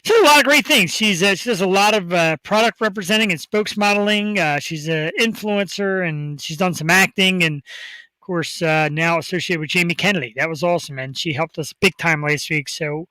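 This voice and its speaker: A male talk show host hyping up upcoming guests in a rambling, excitable way. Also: high voice, brisk, dry recording, rough recording. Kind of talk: casual talk show chat.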